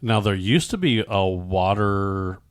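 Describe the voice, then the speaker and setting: A man in his forties from Nebraska hosting a podcast in casual chat, easygoing and halting, often repeating and restarting his words. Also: deep voice, lively intonation, clear, resonant tone, no room sound, clean studio sound. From Nebraska, USA. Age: 40s. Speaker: podcast host.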